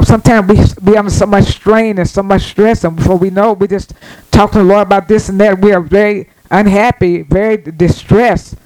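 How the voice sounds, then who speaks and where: Man, preacher, high voice, strained, repetitive exhorting, dry close sound. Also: darkish tone, no echo, poor audio. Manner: repetitive, exhorting with frequent "amen". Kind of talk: sermon.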